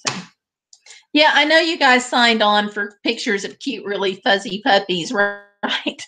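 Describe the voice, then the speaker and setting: A woman's voice: a little high, expressive, normal speed, sharp tone. A woman hosting a live stream, chatting casually and directly with her viewers.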